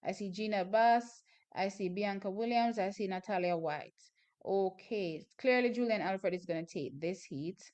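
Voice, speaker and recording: A Jamaican woman hosting a live watch-party stream, chatting through the races and bursting into excited shouts and laughter. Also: medium pitch, moderate pace.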